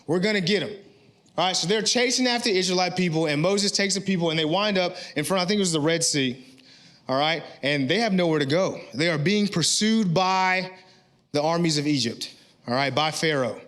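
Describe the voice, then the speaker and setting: A male pastor preaching a sermon in a church, animated, with rising shouts at his peaks and frequent "all right?" check-ins to the congregation. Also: a little high, brisk. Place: church sanctuary.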